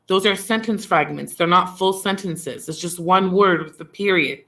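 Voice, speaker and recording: A woman's voice: lowish voice, normal speed, a bit bright. A woman teacher leading a class discussion on poetry, asking questions, praising answers and repeating them back to the students.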